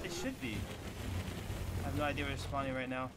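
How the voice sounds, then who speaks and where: A young man giving live, excitable commentary over his own gameplay, calling out plays and swearing freely. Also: high-pitched, slight background noise. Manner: quick running play-by-play shouts. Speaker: gaming video creator.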